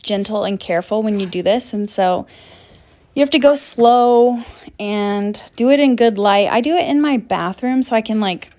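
Young woman, casual voice-over, dry humor, jumps up in pitch when excited. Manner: wry, deadpan jokes with sudden excited rises. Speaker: pet vlogger.

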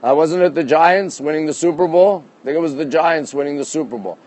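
A man's voice: on the high side, fairly quick, darkish tone. A man from Canada hosting a live phone stream from his rooftop at night, chatting upbeat and greeting viewers by name. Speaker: livestream host. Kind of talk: live-stream chat reading viewer comments. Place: rooftop deck outdoors at night. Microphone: phone held in hand.

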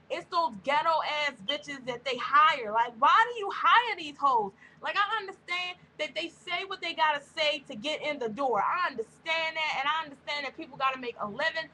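A woman vlogger ranting to camera in a heated, blunt voice, with constant cursing. Her voice sits high and sounds bright and sharp. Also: slight background noise, low-quality recording. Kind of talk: angry profane rant to camera.

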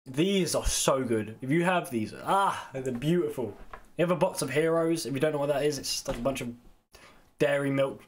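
A man's voice: mid-range voice, normal speed. A young British man hosting a casual reaction video, cheeky and often laughing. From United Kingdom.

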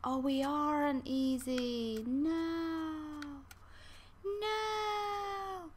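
A woman's voice: mid-range voice, animated, slow, noisy background. A woman hosting a casual game commentary, chatting to the animals and sometimes breaking into squeals or whispers. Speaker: gaming channel host. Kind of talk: casual let's-play commentary.

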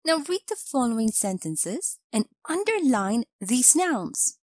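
A woman reads a scripted grammar lesson at a slow, careful pace. Her pitch sits a little high and moves up and down a lot. The recording is dry and close. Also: very animated, no room sound. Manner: slow, clear instructional delivery. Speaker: English teacher.

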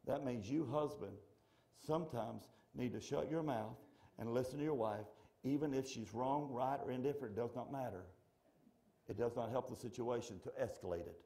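A middle-aged male pastor preaching a folksy, animated sermon in church that swings from shouting to hushed. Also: medium pitch, normal speed.

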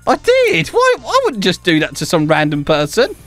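Teasing English gamer guy with big pitch swings. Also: huge pitch swings, fairly bright tone, faint music behind. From England. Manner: teasing, mocking, quick to laugh. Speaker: gaming YouTuber. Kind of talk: playful voice-chat banter.

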